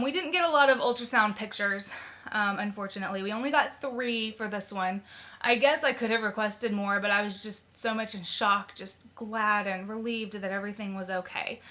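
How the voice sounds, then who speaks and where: A young woman talks to her camera in a chatty, giggly way, with plenty of ums and likes. Her voice is bright and clear, sitting at a middle pitch for a woman. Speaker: vlogger. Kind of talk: casual pregnancy vlog.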